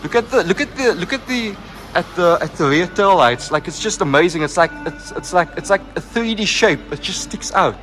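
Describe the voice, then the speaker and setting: A young man narrating a walkaround tour of a car showroom, full of excitement, repeating himself and leaning on "like" and "look at". He talks into a handheld camera mic indoors. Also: high voice, brisk, soft background music. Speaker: car vlogger.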